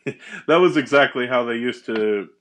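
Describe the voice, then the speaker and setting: A man's voice: mid-range voice, normal speed, fairly bright tone. A man co-hosting a podcast in casual chat, laid-back and chuckling. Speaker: podcast co-host.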